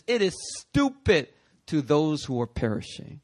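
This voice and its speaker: A man preaching a sermon, animated and conversational, acting out voices in his stories. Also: fairly high pitch, brisk. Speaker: pastor.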